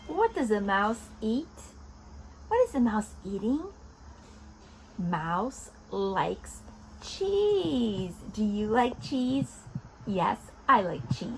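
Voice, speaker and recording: A woman hosting an interactive toddler lesson, talking in a slow, sing-song and animated way with gasps of surprise. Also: fairly high pitch, a little hiss or hum, low-quality recording. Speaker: children's activity host.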